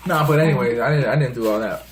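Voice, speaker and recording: A man's voice: medium pitch, fast talker. Chill socal guy, cursing a lot, acts out what everyone said, bit of background hiss. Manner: laid-back, swears a lot, acts out quotes. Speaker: vlog co-host. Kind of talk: casual couple storytelling.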